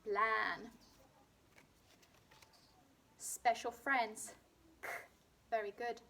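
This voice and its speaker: A woman with a British accent teaching a phonics lesson to young children, sounding out words clearly and slowly. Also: fairly high pitch. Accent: British English. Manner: slow, clearly sounded-out words with bright emphasis. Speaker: primary school teacher.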